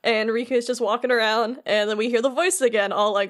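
A woman's voice: on the high side, fairly even intonation, fast. A woman co-hosting a podcast, casually recapping a video game, laughing often and acting out lines in jokey voices. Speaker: podcast co-host.

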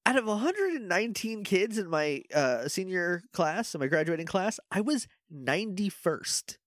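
A man's voice: high voice, very animated, moderate pace, a bit bright, no room sound, clean studio sound. A young man co-hosting a casual podcast, rambling and self-deprecating, laughing often. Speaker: podcast co-host.

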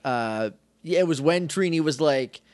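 A man's voice: on the high side, expressive, measured pace, dry recording. Playful man in casual podcast chat. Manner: playful, slips into silly voices when retelling scenes. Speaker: podcast co-host.

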